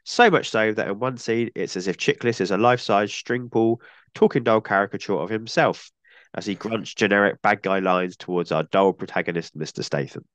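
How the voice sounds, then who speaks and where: Low-voiced man with a cold. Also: a little fast, fairly bright tone, no echo. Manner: chatty, hedging with tag questions. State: has a cold. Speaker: podcast host. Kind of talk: casual film discussion podcast.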